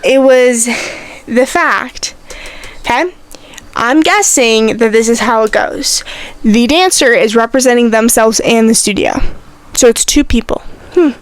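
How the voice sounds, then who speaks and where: A young woman hosting a solo podcast in a casual chat, rambling and animated, repeating herself with lots of "like". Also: fairly high pitch, measured pace, long pauses, dry recording. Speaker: podcast host.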